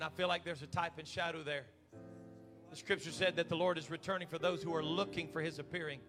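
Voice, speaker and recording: A male pastor, preaching a fervent sermon to his church and swinging between loud shouted calls and quiet, close prayer. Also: sits high, flat delivery, brisk, over music. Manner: preaching with rising shouted fervor. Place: church sanctuary.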